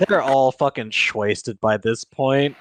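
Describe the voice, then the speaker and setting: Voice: medium pitch, slow, no echo. A game master narrating a tabletop role-play stream in a casual, profane way, with frequent restarts. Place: home streaming setup.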